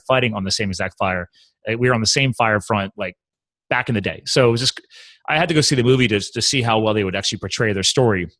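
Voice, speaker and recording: A man's voice: lowish voice, fairly bright tone, no room sound. A man in his thirties hosting a casual interview podcast, rambling and jokey, often laughing. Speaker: podcast host.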